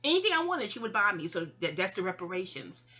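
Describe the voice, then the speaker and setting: A woman's voice: mid-range voice, sing-song, fast talker, pushed and bright. A middle-aged woman with a New York accent, telling a personal story in a rambling, digressive way full of fillers and restarts. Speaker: vlogger telling a memoir story. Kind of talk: casual rambling storytelling monologue.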